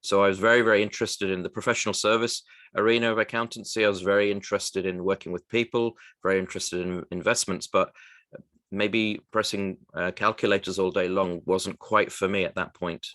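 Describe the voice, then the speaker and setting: Low-voiced man, halting and reflective. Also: steady tone, fairly bright tone, no room sound. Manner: halting, reflective, restarts often. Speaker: guest, recruitment firm co-founder. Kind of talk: radio interview, personal story.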